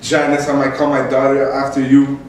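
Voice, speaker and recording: A young man, a podcast host, telling a story casually and with much laughter, his voice leaping high when excited. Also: brisk. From Canada. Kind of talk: casual storytelling among co-hosts. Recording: echoey room, distant mic, faint noise.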